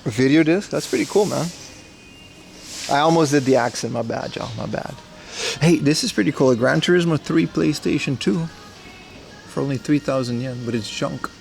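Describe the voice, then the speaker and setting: Gravelly joking man livestreaming in a shop. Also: fairly high pitch, normal speed, soft background music. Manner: rambling, joking, talks to chat while browsing. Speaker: streamer. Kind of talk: casual IRL livestream commentary. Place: indoors in a secondhand electronics shop.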